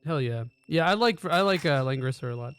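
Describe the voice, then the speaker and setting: A man chats casually on a game stream as co-host, rambling and hesitant. His voice is a bit high with a gravelly texture. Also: expressive, fairly quick, fairly bright tone, slight background noise. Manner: rambling, hesitant, uses fillers.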